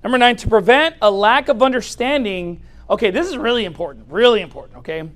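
Animated joking male pastor preaching. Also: sits high, quick pace. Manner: animated, joking, speaks straight to the audience. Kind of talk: humorous sermon.

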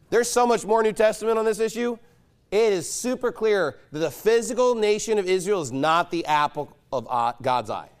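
High-voiced preacher, emphatic. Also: male voice. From United States. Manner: emphatic, mocking, builds to loud insistence. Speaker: pastor. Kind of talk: sermon.

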